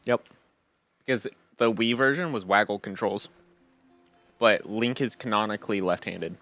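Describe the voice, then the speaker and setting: A young man co-hosting a podcast, chatting casually as he plays a video game, quick and full of asides. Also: lowish voice, a bit bright, no echo, soft background music. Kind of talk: casual let's-play commentary.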